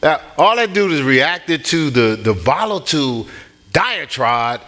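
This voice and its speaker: A middle-aged man preaching a sermon, telling stories in an animated way with many restarts and repeats. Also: fairly high pitch, a little slow. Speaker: pastor.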